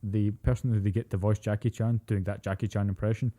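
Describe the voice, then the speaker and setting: A man's voice: lowish voice, quick pace. A young Scottish man co-hosting a podcast, chatting casually, swearing a lot and telling stories full of impressions. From Scotland. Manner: sweary, animated storyteller doing impressions. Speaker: podcast co-host. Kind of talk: casual chat.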